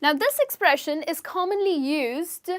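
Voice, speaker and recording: A woman's voice: high voice, lively intonation, unhurried, fairly bright tone. A young woman from India, teaching slang expressions in a chatty lesson and checking in with "okay?". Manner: chatty, explains with stories and frequent "okay?" check-ins. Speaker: English teacher. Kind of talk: explaining slang in a video lesson.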